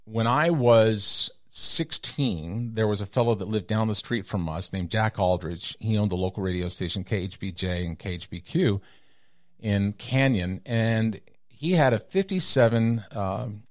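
Middle-aged Texan man, low voice, dry close mic, animated storyteller who acts out other people's lines. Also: measured pace, no echo. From Texas. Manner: animated, acts out quoted voices with big pitch jumps. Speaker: guest storyteller. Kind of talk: casual storytelling interview.

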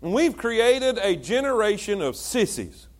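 Preacher guy, high voice, shouts then goes quiet, lots of call and response with the crowd. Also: sing-song, a little slow. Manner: swings between shouted exhortation and low, hushed asides. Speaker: pastor. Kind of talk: sermon.

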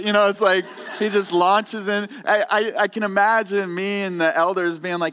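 A man's voice: high voice, flat delivery, moderate pace, hardly any pauses, a bit bright, long reverb tail. A man preaching a conversational sermon in a church, earnest and candid, often repeating words as he goes. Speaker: pastor. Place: church sanctuary.

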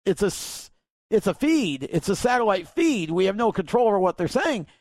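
A man's voice: high-pitched, sing-song, moderate pace, dry recording. A man hosting a podcast, telling a long story in a rambling way with many restarts and acting out both sides of phone calls. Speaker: podcast host. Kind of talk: casual storytelling.

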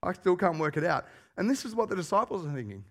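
A man preaching with a somewhat raised pitch, telling a story with animation. He keeps putting questions to his listeners as he delivers the sermon. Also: fast talker. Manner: animated storyteller who asks the congregation questions. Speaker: pastor.

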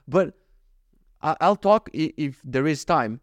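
A man's voice: fairly high pitch, animated, moderate pace, no room sound. A young man hosting a podcast, talking candidly and self-critically in a rambling, profane confessional monologue into a close mic. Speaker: podcast host.

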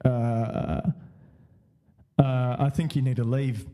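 Man doing a low, gruff bouncer. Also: level tone, warm tone, lightly acted. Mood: firm. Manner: slow, halting, full of "uh"s. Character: gruff male bouncer, calm and firm.

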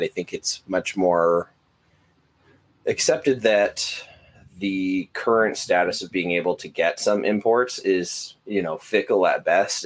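A man co-hosting a casual podcast, relaxed and laughing easily as he talks things through. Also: low-pitched. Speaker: podcast co-host, snake seller. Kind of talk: casual chat.

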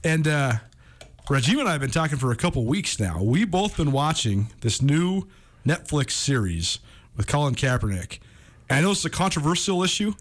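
Guy hosting sports radio, kinda higher voice, chatty, lots of "man". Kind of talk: casual sports talk. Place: radio studio.

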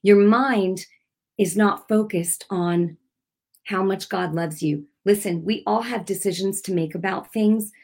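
A woman's voice: mid-range voice, fairly even intonation, measured pace, vocal fry, darkish tone. A woman giving an informal, earnest sermon without notes. She talks conversationally and often restarts her sentences. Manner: unscripted, speaking without notes. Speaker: preacher.

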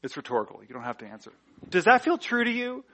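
Male pastor, relaxed conversational preaching, lots of "like" and restarts, a touch higher-pitched. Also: quick pace. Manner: conversational, frequent "like" fillers and restarts, rhetorical questions. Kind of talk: sermon.

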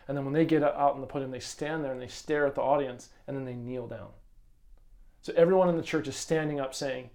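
A man's voice: medium pitch, gravelly, dark tone. A man co-hosting a Bible lesson commentary, telling a story with enthusiasm and frequent restarts in casual religious discussion.

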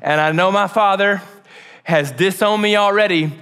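A young prodigal son, broke and desperate, mutters a plan to himself and then bargains hard to be taken back as a servant, in a preacher's put-on voice. He sounds high and bright, talking in restless, pleading bursts. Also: normal speed, clean tone.

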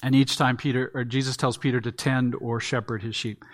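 A man's voice: medium pitch, level tone, fairly quick. A man preaching an earnest expository sermon, leaning on emphatic repeats. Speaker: pastor.

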